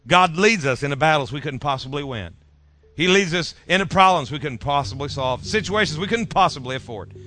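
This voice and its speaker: A man preaching a sermon as pastor, in a rhythmic style that drops soft at phrase ends and leads the congregation in repeating lines. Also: on the high side, lively intonation, brisk. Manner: leads congregation in call-and-response.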